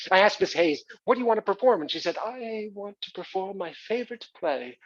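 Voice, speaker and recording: A man's voice: a little high, breathy edge. An actor playing a wealthy, boastful male arts patron in a theatrical monologue. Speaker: actor in a one-man stage play. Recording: dull lo-fi recording.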